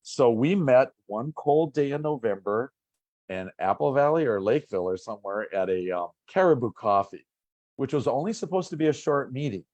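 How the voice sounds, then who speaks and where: A man in his sixties from Minnesota, a pain doctor telling his story as an interview guest in a casual, animated way. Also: mid-range voice, moderate pace, dry recording, muffled recording. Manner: animated, acts out past conversations.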